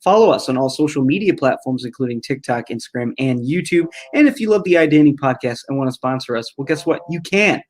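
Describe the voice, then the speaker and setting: A man co-hosting a podcast, speaking in an upbeat, clearly enunciated radio-style voice. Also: on the high side. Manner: smooth radio-style delivery, upbeat, laughs. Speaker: podcast co-host. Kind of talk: podcast host chat.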